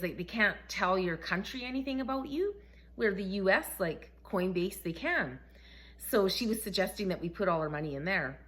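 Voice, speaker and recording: A middle-aged Canadian woman telling a story casually in a vlog, chatty and animated, laughing often and acting out the quotes. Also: on the low side. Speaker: vlogger.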